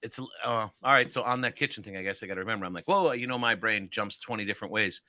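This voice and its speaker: A man's voice: fairly low pitch, quick pace. A man co-hosting a casual live talk show, talkative and acting out different tones of voice. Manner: talkative, animated, acts out inflections. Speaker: co-host.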